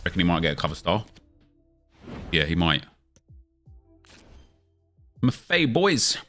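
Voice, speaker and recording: A man's voice: low-pitched, fairly even intonation, fairly quick, bright, forceful tone, faint music behind. A young man chatting casually on a live stream, answering viewer questions as he plays a football game.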